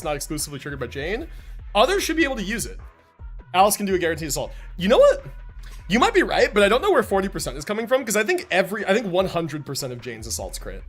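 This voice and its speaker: A man streaming a game live, chatting casually and animatedly and laughing often. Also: high-pitched.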